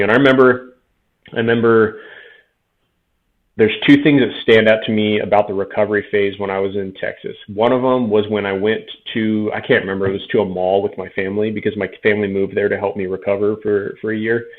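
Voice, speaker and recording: A man's voice: on the low side, fairly even intonation, fast, few pauses. A man in his thirties, a veteran guest telling his story frankly in a casual interview, often quoting himself. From Tucson, Arizona. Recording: tinny phone-like audio.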